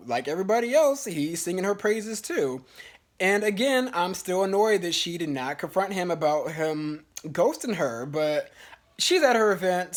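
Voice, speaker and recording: A vlogger giving a casual, profane, gossipy TV episode review, full of fillers and restarts. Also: medium pitch. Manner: chatty, blunt, profane, gossipy; fillers and restarts, lively swings in loudness.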